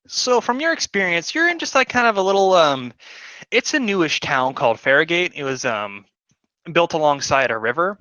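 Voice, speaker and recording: A man's voice: on the high side, big pitch swings, normal speed, sharp tone, no room sound, highs cut off. A man narrating a tabletop game as game master, in a rambling way full of fillers.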